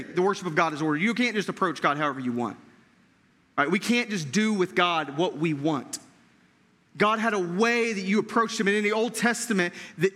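A man's voice: high-pitched, pushed and bright, big-room sound. A man preaching a sermon as pastor, earnest, with frequent restarts and rhetorical questions.

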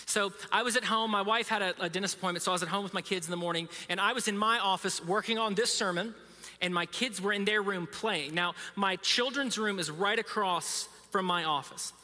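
Bright-voiced pastor in a big hall. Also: male voice, high voice, brisk. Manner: conversational storytelling with self-deprecating humor. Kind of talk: sermon. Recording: reverberant hall.

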